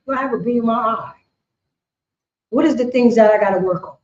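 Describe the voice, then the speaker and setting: High-voiced New street preacher. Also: female voice, a little fast. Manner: animated, repetitive, punctuated with "you know what I'm saying". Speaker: preacher teaching scripture. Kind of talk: street sermon. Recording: echoey, dull lo-fi sound.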